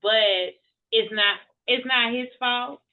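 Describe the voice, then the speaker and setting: A woman with a fairly high voice talks frankly and encouragingly in a casual conversation. Her voice comes through thin and tinny, like a phone line. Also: steady tone, slow pace. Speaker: podcast guest.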